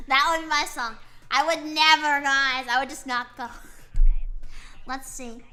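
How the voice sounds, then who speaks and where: Young woman streamer, high, very bright voice, rambling self-mocking chat, soft music behind. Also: steady tone, slow, pauses often. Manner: rambling, playful, self-mocking, with frequent fillers. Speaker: VTuber streamer. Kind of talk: casual chat while drawing on stream.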